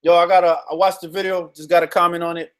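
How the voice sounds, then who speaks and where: A man's voice: sits high, level tone, fast talker. A young man hosting a casual live stream, talking in loose slang, laughing often and greeting viewers as they join.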